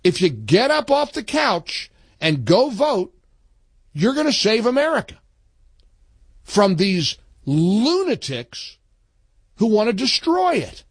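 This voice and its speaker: Older male talk radio host, higher-pitched, very lively delivery, dry close mic. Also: slow, long pauses, husky, no room sound. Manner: emphatic, animated, swings between low asides and high outbursts. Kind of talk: political talk radio monologue.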